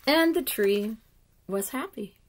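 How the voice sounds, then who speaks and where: A woman reading a children's picture book aloud, slow and expressive, sometimes dropping to a hush. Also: on the high side. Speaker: children's story reader.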